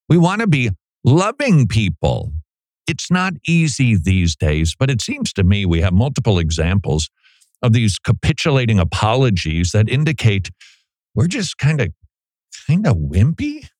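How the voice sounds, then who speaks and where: A middle-aged man, a pastor, giving a folksy, animated commentary with frequent restarts on a close studio mic. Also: medium pitch, no room sound. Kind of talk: conversational commentary monologue.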